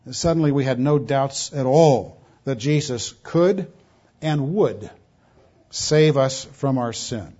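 A man's voice: medium pitch, mellow. A man preaching a sermon, emphatic and full of rhetorical questions, pressing his points hard. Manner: emphatic, rhetorical questions, shifts pace for stress. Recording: dull lo-fi sound.

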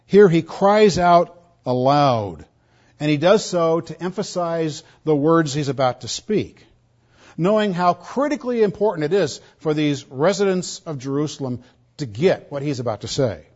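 Male pastor, higher-pitched, emphatic sermon delivery with loud-soft swings; muffled lo-fi audio. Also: animated, normal speed. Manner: emphatic, swinging between loud stresses and quiet asides. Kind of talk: expository sermon.

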